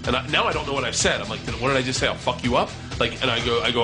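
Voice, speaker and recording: A man in his thirties telling a comic story, animated and profane, acting out the voices of the people in it. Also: mid-range voice, very fast, over music. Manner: animated, profane, acts out quotes.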